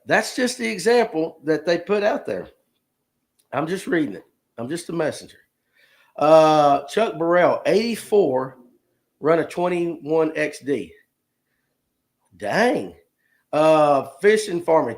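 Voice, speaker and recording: Folksy fifty-something man, pitched a bit high. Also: sing-song, slow, pauses often. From Georgia, US. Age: 50s. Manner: folksy, joking, reads viewer comments aloud. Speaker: livestream host. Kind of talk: casual live-stream chat.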